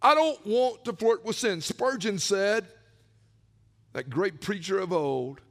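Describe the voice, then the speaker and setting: A middle-aged male pastor preaching his personal testimony, telling it with animated swings from hushed asides to shouts. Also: sits high, takes it slowly. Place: church sanctuary. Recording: long reverb of a large church hall.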